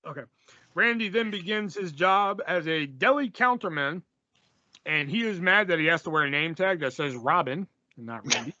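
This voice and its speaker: A man's voice: on the high side, expressive, normal speed, sharp tone, no room sound, lo-fi sound. A man co-hosting a podcast, casually recapping a film with lots of fillers and laughs. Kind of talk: casual chat.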